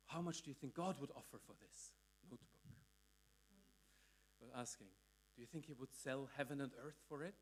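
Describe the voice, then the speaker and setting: A man's voice: medium pitch, fairly quick. A man giving a sermon, recounting a speech in a conversational way, full of restarts and tag questions. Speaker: preacher. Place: church hall.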